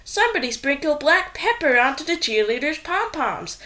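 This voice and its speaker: A woman voicing an excited fan yelling from the bleachers in a children's storybook reading, high and loud. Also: normal speed, full character voice.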